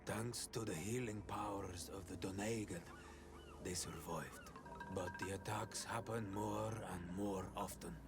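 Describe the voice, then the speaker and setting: An actor playing a solemn native master hunter in a role-playing game, measured and grave. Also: male voice, deep voice, fairly even intonation, music in the background.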